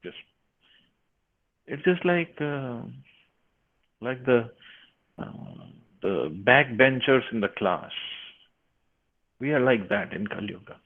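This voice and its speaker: A man's voice: medium pitch, animated, takes it slowly, pauses often. A man giving a scripture class, reading verses and then explaining them with frequent restarts. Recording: tinny phone-like line.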